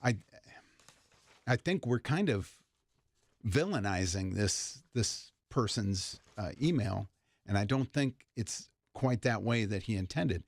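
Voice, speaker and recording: A man co-hosting a morning radio talk show, speaking in a hesitant, measured way and gently pushing back. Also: on the low side, expressive, no echo, clean studio sound.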